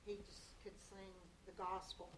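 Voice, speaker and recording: A woman's voice: medium pitch, little pitch movement, a little slow, fairly bright tone, distant mic. A woman in a church group sharing an earnest story about hearing God. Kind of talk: casual faith testimony. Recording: roomy room, faint noise.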